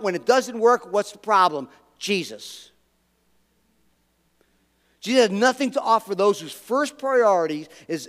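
A man's voice: high-pitched, fairly bright tone, in a large hall. A man preaching a sermon as pastor, emphatic, asking the congregation questions and repeating words for weight.

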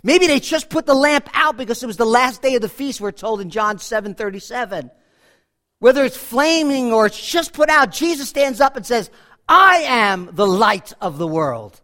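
A man preaching a sermon, animated, slowing down for quotations and often repeating and restarting his phrases. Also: very high voice. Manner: animated, dramatic swings in volume, slows for quotations.

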